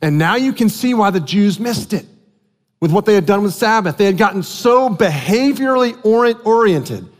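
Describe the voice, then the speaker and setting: A man preaching a sermon as pastor, animated and asking his congregation questions. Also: sits high. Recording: long hall reverb.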